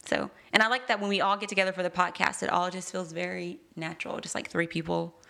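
A woman's voice: lowish voice, fairly even intonation, fast talker, creaky, pushed and bright. A woman co-hosting a podcast, chatting casually and enthusiastically, often trailing off mid-sentence. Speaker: podcast co-host. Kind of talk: casual chat.

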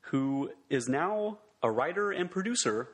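A man's voice: on the high side, lively intonation, a little slow. A man co-hosting a podcast in casual chat, joking and laughing often. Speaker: podcast co-host.

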